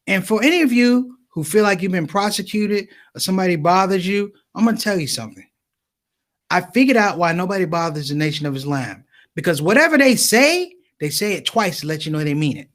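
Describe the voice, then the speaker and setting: Man, high voice, stand-up comedian, animated storytelling, repeated phrases. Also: a little fast.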